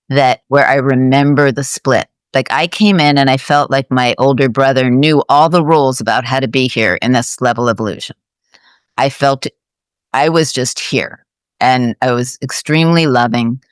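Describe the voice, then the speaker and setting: Female host, reflective and halting storyteller; clear tone, dry close mic. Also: extremely low pitch, no room sound. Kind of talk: conversational storytelling.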